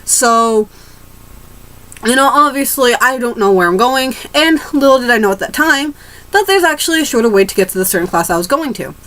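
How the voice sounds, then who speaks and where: A teenage girl vents to her camera with a fairly high voice. She rambles and restarts her sentences often. She swears casually as she goes. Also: expressive, a little fast, a bit bright, poor audio. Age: teens. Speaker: vlogger. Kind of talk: ranting casual monologue.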